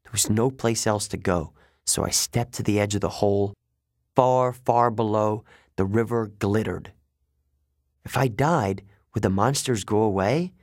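A man reading a first-person story aloud as an audiobook narrator, with tense, steady storytelling. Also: lowish voice, a little slow, no room sound, studio quality.

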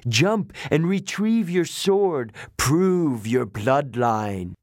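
A man voicing a cruel snake-woman monster in an audiobook, hissing and rasping, taunting slowly and drawing out the words. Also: on the high side, very animated, no room sound, clean studio sound, pitched above the performer's own voice, full character voice. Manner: slow, drawn-out taunting delivery. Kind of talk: audiobook character voice.

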